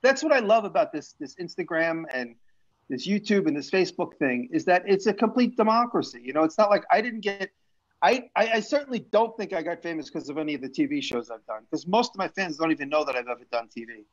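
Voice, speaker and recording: With a slightly high voice, lively intonation and a quick pace, the show's host and maker rambles through a casual live-stream chat. He restarts frequently and leans on fillers, and the stream audio is lo-fi.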